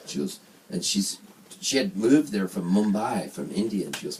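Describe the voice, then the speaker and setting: A man telling a funny, self-mocking story to a live audience at a small venue, animated and laughing. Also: low-pitched, moderate pace. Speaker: singer-songwriter telling a story on stage. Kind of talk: live storytelling between songs. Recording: distant mic, faint room noise.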